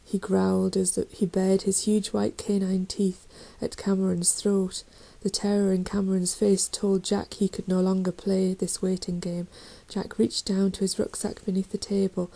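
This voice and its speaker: A woman's voice: mid-range voice, flat delivery, normal speed, vocal fry, few pauses, rough recording. A woman narrating a children's fantasy storybook in a dramatic reading style. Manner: dramatic reading, raising voice for shouted lines. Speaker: audiobook reader.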